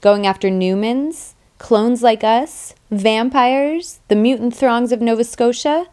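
A woman's voice: a little high, slow, a little mellow, smooth, voice pushed up. A woman voicing a laid-back young male clone stoner who teases an old man in an offhand way. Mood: teasing. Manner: teasing, offhand.

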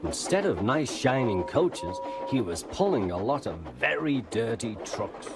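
A man narrating a children's storybook tale in an expressive, animated way. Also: on the low side, a little slow, background noise.

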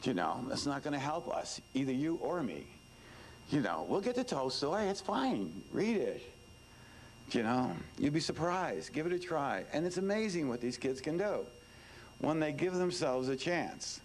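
A man's voice: a little high, big pitch swings, normal speed, slight background noise, low-quality recording. A man, a former detective giving an informal talk to students, emphatic and repetitive, with many "you know"s. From New York. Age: 70s.

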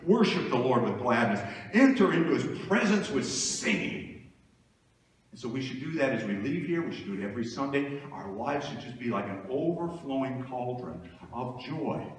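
A man's voice: medium pitch, a little hiss or hum. A male pastor preaching a sermon in a conversational style, asking his congregation rhetorical questions. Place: church sanctuary. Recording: echoey church hall from far off.

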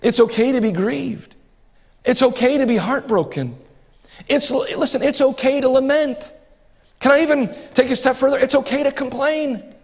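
A man's voice: very high voice, normal speed, darkish tone. A man, preaching a sermon as pastor, earnest and repetitive, rising to impassioned bursts. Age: 40s. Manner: earnest, repeats phrases, rises to impassioned bursts. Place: church sanctuary. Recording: reverberant church hall.

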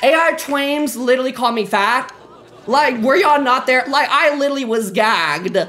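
A young woman streaming live, loud, profane and excitable, talking to her chat. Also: high voice, normal speed, some chatter behind, slight background noise. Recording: music playing under the stream. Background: background music.

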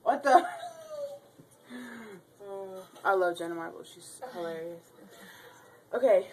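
A woman's voice: lowish voice, slow, long pauses, darkish tone. Chatty woman vlogging at home. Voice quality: chatty, giggly, rambling. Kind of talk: casual home vlog. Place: house, indoors.

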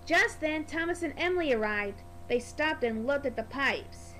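A woman's voice: high voice, animated, normal speed, a bit bright, a little hiss or hum, poor audio. A woman narrating a children's storybook in a careful read-aloud manner.

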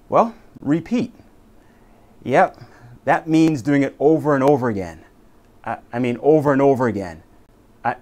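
A man giving an emphatic, dramatic motivational speech that leans on repeated lines. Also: medium pitch. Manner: dramatic, repetitive, emphatic delivery. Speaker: motivational speaker.

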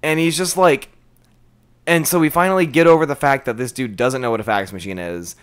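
Casting: young male podcaster, animated storyteller, mid-pitch, does caller voices, swears. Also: a little fast, smooth. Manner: swears freely. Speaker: podcast co-host. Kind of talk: casual storytelling chat.

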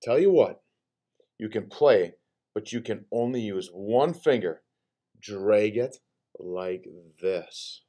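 A man voicing a bossy, playful male character from a picture book, reading it aloud in an excitable, animated way. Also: on the low side, takes it slowly.

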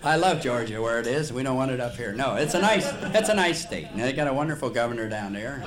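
Performing live stand-up on a nightclub stage, a comedian from the Cincinnati, Ohio area is folksy, ribs the crowd, and laughs at his own jokes. His medium-pitched voice is animated, and he talks fast.

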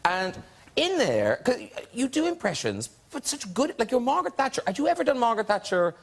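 A man's voice: very high-pitched, huge pitch swings, brisk. An Irish man hosting a talk show, teasing and giggly.

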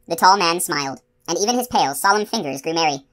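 A woman narrating a novel as an audiobook, with steady, expressive storytelling. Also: fairly low pitch, fast talker.

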